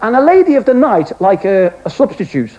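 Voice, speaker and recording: A man with a high, bouncing voice tells jokes on a club stage, chatting with the audience between punchlines. The crowd noise is heavy. The sound is dull and hissy, like an old videotape. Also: very animated, brisk. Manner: chatty joke-telling with asides to the audience. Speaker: stand-up comedian. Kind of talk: stand-up routine.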